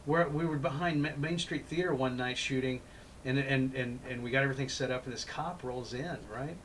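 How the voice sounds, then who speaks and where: A man's voice: medium pitch, fairly even intonation, a little fast, a bit bright, a little hiss or hum, poor audio. A man hosting a casual talk show, telling long rambling stories full of restarts. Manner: rambling anecdotes with many restarts. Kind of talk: casual chat.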